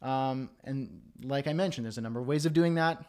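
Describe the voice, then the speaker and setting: A man's voice: medium pitch, a little fast, darkish tone, smooth. A man hosting a freelancing Q&A livestream from his home studio, talking casually with frequent fillers and self-deprecating asides.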